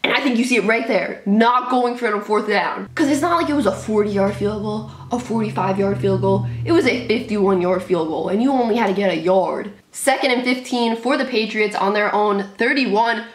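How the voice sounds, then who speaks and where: A woman's voice: mid-range voice, moderate pace, few pauses, reverberant, a little hiss or hum. A young woman hosting a live reaction to a football game, calling plays and shrieking at the big moments. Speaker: sports reaction host.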